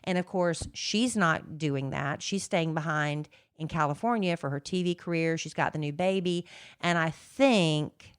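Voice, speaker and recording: A woman's voice: sits low, unhurried, smooth. A middle-aged woman co-hosting a podcast, rambling and gossipy in casual chat, with lots of fillers. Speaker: podcast co-host.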